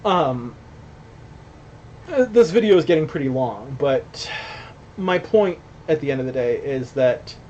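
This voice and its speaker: A man's voice: mid-range voice, a little mellow, muffled recording, slight background noise. A young adult man giving blunt, rambling commentary on a stream, reading chat and swearing casually. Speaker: company founder hosting a stream.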